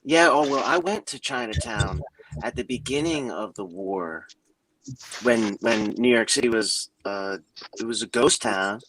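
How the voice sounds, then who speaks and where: Male co-host, animated storyteller, mid-pitched, voices the people in his anecdotes. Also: measured pace, slight background noise. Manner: animated, acts out quotes with big pitch jumps. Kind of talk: casual storytelling.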